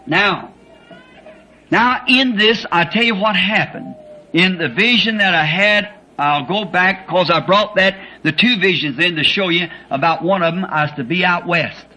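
A man's voice: bright, forceful tone, slight background noise, poor audio. A man preaching a sermon, telling a vision story with rising passion. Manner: impassioned storytelling, rising in pitch when recounting screams.

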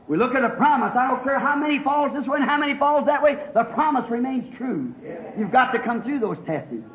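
A man preaching a fervent revival sermon, swinging from hushed asides to shouted exclamations. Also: very high voice, expressive, brisk, crowd noise. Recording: echoey, muffled old sermon recording.

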